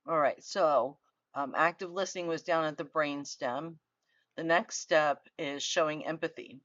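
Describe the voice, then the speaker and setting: A woman's voice: low voice, steady tone, unhurried, a bit bright, no echo. Earnest woman lecturing, dry lo-fi sound. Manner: conversational, earnest, with frequent fillers and restarts. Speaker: university lecturer. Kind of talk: recorded lecture.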